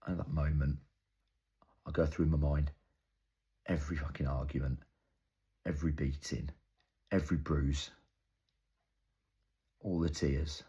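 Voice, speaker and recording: A young man performing an intense, halting, improvised dramatic monologue. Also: very deep voice, steady tone, mellow, husky. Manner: intense, halting, storytelling with heavy swearing. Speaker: actor.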